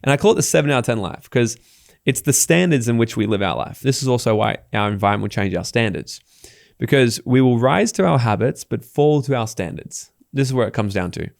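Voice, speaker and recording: An Australian man guesting on a podcast, telling stories in a casual, animated way and acting out the people he quotes. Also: mid-range voice, brisk, creaky, dry recording, studio quality. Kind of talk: casual interview talk.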